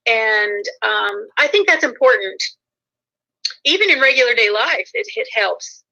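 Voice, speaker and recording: Bright, giggly woman guest. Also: fairly high pitch, animated, unhurried, creaky, highs cut off. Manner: warm-hearted, giggly, earnest. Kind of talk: casual chat.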